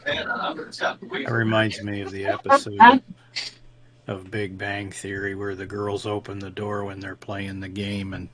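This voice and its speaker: Low-voiced man rambling in chat. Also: expressive, a little slow, long pauses, a crowd in the background. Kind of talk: casual group chat on voice call.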